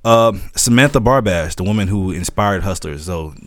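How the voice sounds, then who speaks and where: A man co-hosting a film podcast, reading out news items quickly and casually with jokes. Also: deep voice, expressive, a bit bright. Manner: quick, joking, reads out news points. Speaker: podcast co-host. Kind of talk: casual chat.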